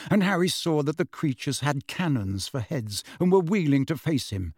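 A man reading a storybook aloud as narrator, in a steady, expressive storytelling manner. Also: a little high, normal speed, hardly any pauses, no room sound, clean studio sound. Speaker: audiobook narrator. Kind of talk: scripted narration.

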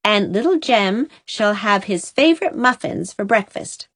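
A woman voicing a brisk, devoted older housekeeper in a storybook reading, with a bustling way of talking. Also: mid-range voice, expressive, a bit bright, dry recording.

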